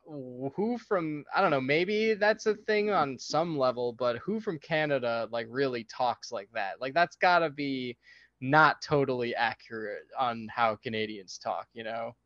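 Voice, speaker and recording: A man co-hosting a podcast, chatting casually about a movie in an animated way and laughing often. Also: unhurried, no echo, muffled recording. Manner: animated, acts out quotes in high silly voices, laughs often. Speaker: podcast co-host.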